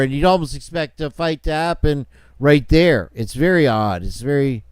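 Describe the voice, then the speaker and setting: A man's voice: on the high side, moderate pace, clear, resonant tone, dry recording, studio quality. A man hosting a casual commentary show, rambling with sarcastic asides and chuckles. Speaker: host.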